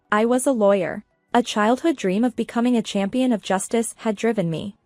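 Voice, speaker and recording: Female storyteller for a revenge-drama channel, steady delivery, slightly high voice. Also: no room sound, clean studio sound. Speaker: story narrator. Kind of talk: first-person revenge story narration.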